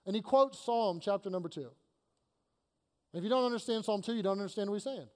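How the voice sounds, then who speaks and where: Guy preaching a sermon, pretty high voice, lots of punchy repeats, big church reverb. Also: fairly quick. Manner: energetic, emphatic preaching with repetitions. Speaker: pastor. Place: church sanctuary. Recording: long reverb of a church hall.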